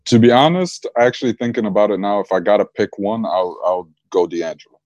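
Deep-voiced laid-back young man. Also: a little fast, no echo. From Egypt. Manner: relaxed, laughs often, slangy. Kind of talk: casual chat.

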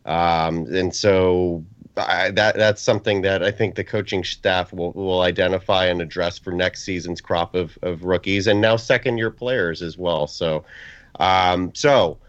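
A man co-hosting a casual podcast, his voice sitting low and telling a rambling, self-amused story. The sound is dry and a little dull, like lo-fi audio. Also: fairly even intonation, unhurried, no room sound. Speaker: co-host.

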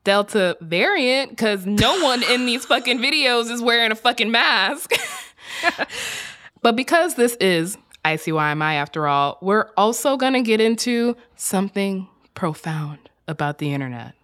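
Lively woman podcast co-host. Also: on the high side, a little slow. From Southern US. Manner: animated, wry, swears casually. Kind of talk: casual chat.

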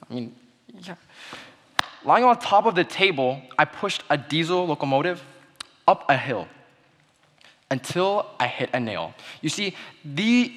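Young man, earnest storytelling sermon, slightly high voice, long hall reverb. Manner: earnest storytelling, drops quiet at sad moments. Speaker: speaker giving a Christmas message.

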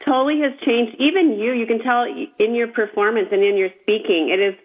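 A woman's voice: a little high, brisk, noisy background. A woman hosting an interview, asking questions in a chatty, encouraging way and laughing along. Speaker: interview host. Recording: tinny phone-like line.

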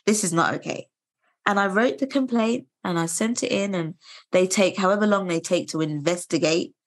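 A woman in her thirties telling her story in a casual conversation, animated and indignant. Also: medium pitch, normal speed. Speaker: guest sharing her story.

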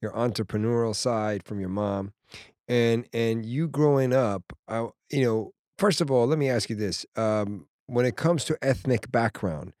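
Animated male podcast host, dry close sound. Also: medium pitch, measured pace, no echo. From Persian background. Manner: animated storyteller, acts out voices with laughter. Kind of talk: casual interview chat.

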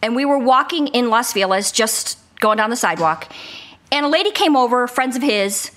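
A woman with a high, very lively voice tells stories in a casual interview, laughing often. She talks from her living room over a remote mic. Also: moderate pace. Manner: animated storyteller, laughs often. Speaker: voice actor guest.

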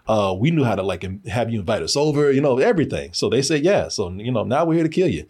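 A man hosting a podcast in casual chat, animated and laughing often as he acts out scenes. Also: mid-range voice, quick pace. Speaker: podcast host reviewing a show.

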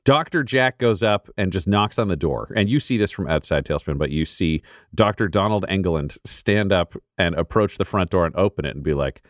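A man's voice: low-pitched, expressive, fairly quick, few pauses, no echo. A man running an improvised tabletop horror-comedy game as game master, setting scenes playfully and vividly in a studio. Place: production studio.

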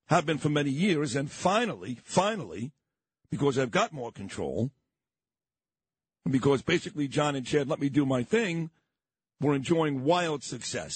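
A combative man with a New York accent runs a morning radio talk show, hammering his points again and again. His voice sits fairly high and swings widely in pitch, with a husky edge. The studio sound is close and dry. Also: no room sound. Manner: combative, indignant, repetitive. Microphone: studio microphone.

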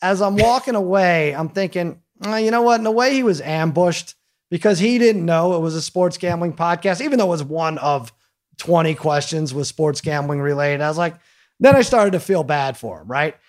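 A man hosting a podcast, telling a story in a lively, casual way and acting out the quotes. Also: a little high, normal speed. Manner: animated storyteller, acts out quotes. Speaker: podcast host.

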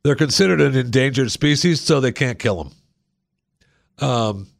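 Gravelly joking talk-radio host. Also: male voice, medium pitch, lively intonation, moderate pace, no echo, studio quality. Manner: chatty, joking, repeats himself. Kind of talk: casual talk radio monologue.

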